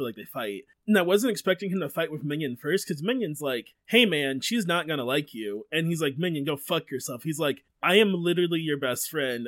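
A man's voice: fairly high pitch, a bit bright, dry recording. Chatty man retelling a movie. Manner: rambling, filler-heavy retelling with quoted lines. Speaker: podcast co-host. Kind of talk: casual chat.

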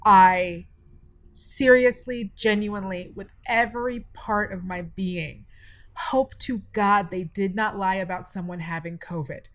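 A woman's voice: mid-range voice, unhurried, fairly bright tone. Earnest, blunt woman podcast co-host. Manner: earnest, blunt, swears casually. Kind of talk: casual chat.

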